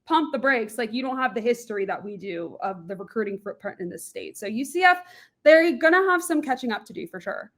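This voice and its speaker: A young woman with a slightly high voice talks as a podcast guest. She chats in a quick, animated way and laughs easily. Her speech is a plain general American. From Florida. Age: young adult. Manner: lively, quick, laughs often, animated asides. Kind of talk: casual interview chat.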